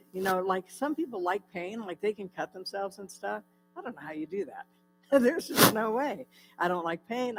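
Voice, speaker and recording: A woman from California, speaking as a guest in a church hall, gives her personal testimony with plenty of fillers while questioning the audience. Her voice is medium-pitched, and the recording is of low quality.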